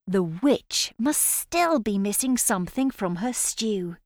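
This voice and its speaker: A woman narrating a children's story in a slow, expressive, sing-song manner. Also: medium pitch, no room sound, clean studio sound.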